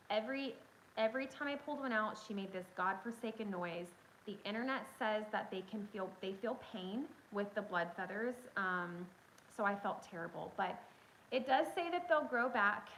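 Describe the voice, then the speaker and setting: Woman livestream host on a phone mic, mid pitch, casual and chatty, speaks straight to her viewers with a faint noise floor. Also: low-quality recording. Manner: chatty, excitable, addresses viewers directly. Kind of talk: casual storytelling chat.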